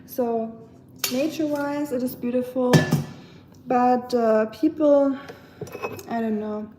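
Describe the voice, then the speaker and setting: A woman's voice: a little high, steady tone, takes it slowly, mellow, slight background noise. A woman with a German accent chatting casually on a live stream and answering viewer comments as she goes, talking from her home kitchen.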